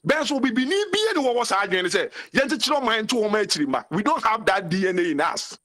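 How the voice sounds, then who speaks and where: A man's voice: high-pitched, sing-song, fast, pushed and bright. A man with a Ghanaian accent, calling in to a talk show and ranting passionately, repeating his phrases. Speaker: caller. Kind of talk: call-in commentary mixing Twi and English.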